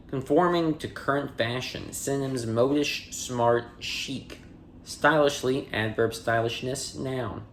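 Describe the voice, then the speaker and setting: Guy reading the dictionary out loud, word then definition, chatty asides, echoey room. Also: medium pitch, gravelly, a little hiss or hum. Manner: reads entry word, part of speech, then definition in a steady cadence. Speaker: podcast host reading a dictionary aloud. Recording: roomy echo.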